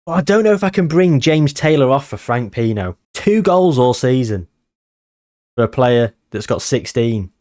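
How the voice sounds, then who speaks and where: A man giving excitable, nervous live commentary on a game he is playing. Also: mid-range voice, normal speed. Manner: excitable, nervous, reacting loudly to match moments. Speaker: gaming channel host.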